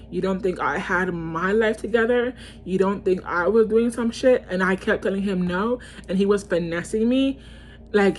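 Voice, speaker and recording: A woman's voice: mid-range voice, a little hiss or hum. A young woman vlogger telling a storytime, ranting heatedly with lots of cursing and repetition. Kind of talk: storytime rant.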